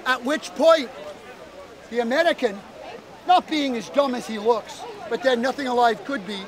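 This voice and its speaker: A male storyteller telling a fairy tale live outdoors, animated and full of teasing asides. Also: very high voice, normal speed, crowd noise. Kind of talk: live oral storytelling to an audience. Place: outdoor event.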